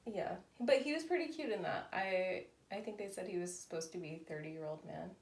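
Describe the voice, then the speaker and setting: A woman's voice: on the low side, distant mic. A woman co-hosting a casual podcast, laughing often and drawing out her words. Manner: laughs often, drawn-out unhurried talk. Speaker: podcast co-host. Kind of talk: casual chat. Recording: echoey room.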